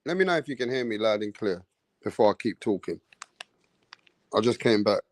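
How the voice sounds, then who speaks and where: A man hosting a live-stream boxing breakdown, animated and mocking, with street slang and frequent swearing. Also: lowish voice, fairly quick, no echo. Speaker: boxing commentator.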